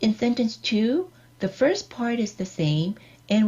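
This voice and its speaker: A woman giving a scripted online lecture, reading out example sentences in a measured, deliberate way. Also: mid-range voice, very animated, a little mellow, slightly rough. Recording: dull lo-fi recording.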